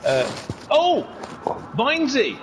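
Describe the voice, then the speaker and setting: A man's voice: very high-pitched, huge pitch swings, takes it slowly, a little hiss or hum. A man hosting a racing league stream, chatting casually and restarting his sentences as he interviews people. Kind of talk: casual livestream chat.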